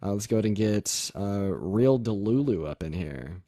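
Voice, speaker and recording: A man's voice: lowish voice, expressive, moderate pace, mellow, dry recording, clean studio sound. A nineteen-year-old man hosting a livestream debate, chatting casually, thanking viewers and laughing often. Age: young adult.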